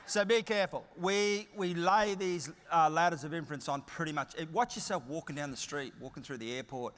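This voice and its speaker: In a large conference hall, a middle-aged Australian man delivers his keynote at a brisk clip, his fairly bright voice pitched a touch high and trailing a long reverb. Slight background noise sits behind his chatty, story-driven talk and easy humour.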